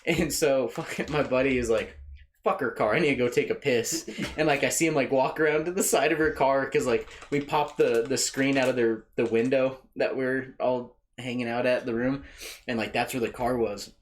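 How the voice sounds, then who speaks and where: A man's voice: medium pitch, fairly even intonation, moderate pace, a little hiss or hum. A man hosting a podcast, telling a rambling, profane story in casual chat. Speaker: podcast host.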